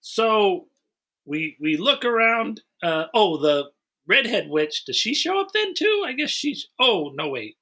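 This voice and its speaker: Bright-voiced man recapping a movie. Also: sits high, very animated, unhurried. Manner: rambling recaps, acts out scenes. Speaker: podcast host. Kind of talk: casual movie review chat.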